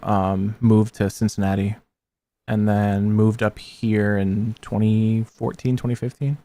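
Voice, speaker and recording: Low-voiced, swearing band guest. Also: male voice, level tone, measured pace, warm tone, no echo. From grew up near New Orleans. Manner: laid-back, swears freely. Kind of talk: casual interview chat.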